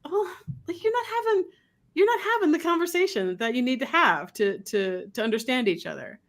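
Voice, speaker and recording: A woman's voice: high-pitched, animated, a little fast. A woman speaking as a guest dog trainer in a casual interview, talking animatedly and acting out quoted voices.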